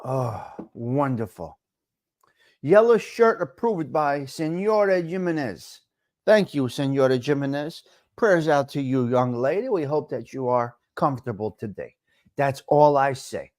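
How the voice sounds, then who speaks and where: A man's voice: medium pitch, expressive, a little slow, darkish tone. A man hosting a casual live-stream talk show, chatting loosely, rambling in asides and greeting viewers by name. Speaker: livestream talk show host.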